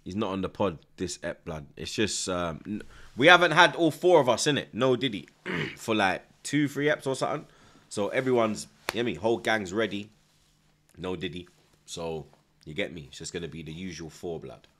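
A man's voice: sits low, lively intonation, moderate pace, bright, forceful tone. A young man, chatting casually on a live football stream, reading out viewer comments, nervous but hyped. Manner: slangy, repeats himself, reads out chat, nervous yet hyped.

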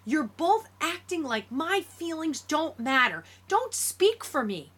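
A woman reading an audiobook, voicing a quiet, serious junior-high girl who speaks up firmly. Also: lively intonation, normal speed, full character voice. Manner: serious, earnest.

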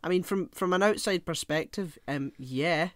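Male podcast co-host, blunt and sweary, voice sitting a touch high. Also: normal speed, dry recording, clean studio sound. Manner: blunt, swears freely, trails off with restarts. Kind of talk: casual film chat.

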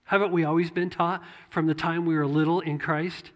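Male pastor, sermon, high voice, conversational, repeats phrases, long church-hall reverb. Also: little pitch movement, a little fast. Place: church sanctuary.

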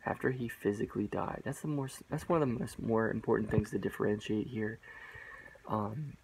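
A man's voice: lowish voice, normal speed, vocal fry, a little mellow, a little hiss or hum, poor audio. A man giving a rambling, emphatic mock-sermon monologue, repeating himself and calling viewers guys and bro.

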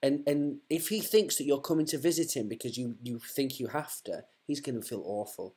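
Husky man, slightly high, earnest street preacher who keeps circling back on his words. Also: big pitch swings, normal speed, hardly any pauses, darkish tone. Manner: fervent, repetitive, restarts mid-sentence.

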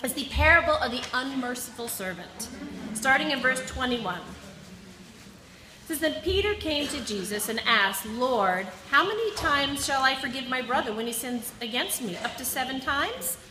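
A woman's voice: high voice, lively intonation, normal speed, noisy background. A woman teaching a Bible class, reading scripture aloud and explaining it in loose, self-correcting asides. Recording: echoey room.

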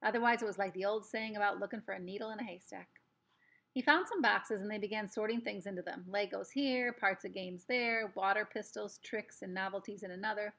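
Woman storyteller reading a children's novel, gravelly timbre, friendly asides to kids. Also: medium pitch, fairly quick, fairly bright tone. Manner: chatty asides to young listeners.

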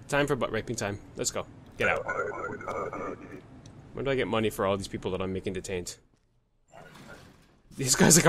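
A man's voice: medium pitch, slight background noise. A man hosting a let's play, joking crudely and muttering names and numbers while he plays. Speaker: gaming channel host.

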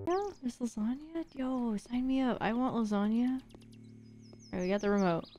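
A woman's voice: fairly high pitch, dark tone, soft background music. A woman streamer giving playful, giggly commentary while she plays a game. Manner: giggly and playful, quick to exclaim. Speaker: gaming streamer. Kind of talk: livestream gameplay commentary.

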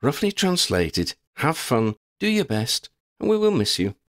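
A man's voice: mid-range voice, wildly swooping pitch, unhurried, pitched above the performer's own voice. A man voicing a cheerful grown woman who talks in a friendly, lightly teasing way.

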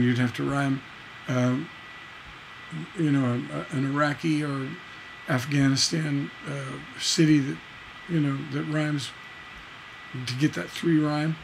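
A man's voice: on the high side, vocal fry, noisy background. A man teaching songwriting on a livestream, reading lyrics and counting beats aloud, with many fillers and restarts. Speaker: songwriting instructor.

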